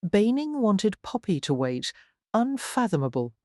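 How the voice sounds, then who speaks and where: A woman reading a historical romance audiobook in smooth, even scripted narration. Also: medium pitch, a little slow, no room sound, clean studio sound.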